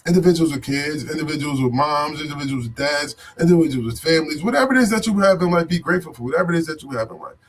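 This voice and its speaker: A man in AAVE gives a loose, unscripted motivational speech to his viewers. His voice sits a little high for a man, and he talks in a preachy, repetitive way, with profanity and street slang throughout. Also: lively intonation, racing, hardly any pauses, slight background noise. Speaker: vlogger.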